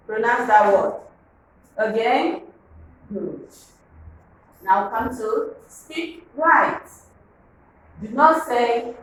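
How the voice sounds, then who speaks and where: A woman teaching a phonics lesson, drilling words slowly and asking the class to repeat them. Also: fairly high pitch, big pitch swings, a little hiss or hum. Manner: slow, drilling, repeats words and asks to pronounce. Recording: echoey room, voice from far off.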